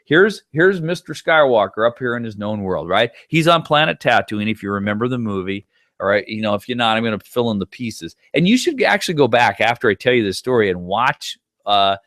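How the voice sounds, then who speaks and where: A man teaching a class in a conversational lecture style, animated and often checking in with the listeners. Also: mid-range voice, brisk, dry recording, studio quality. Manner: conversational, checks in with frequent "right?"; animated retelling with brief quoted voices.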